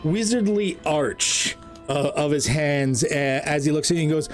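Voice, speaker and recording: A man's voice: a little high, normal speed, soft background music. A man narrating a tabletop game as game master, rambling with many ums and uhs.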